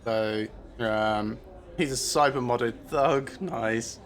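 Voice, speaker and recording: A man talks through a strategy game as he streams it, mid-pitched and unhurried. He thinks aloud, stopping often on "uh" and "um" as he weighs each option. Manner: thinks aloud with many filler pauses. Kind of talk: casual gameplay commentary.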